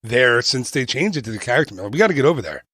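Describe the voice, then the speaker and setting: A man's voice: medium pitch, very animated, racing, a bit bright, husky, no echo, studio quality. A man co-hosting a travel podcast in casual chat, joking and often restarting his sentences. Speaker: podcast co-host.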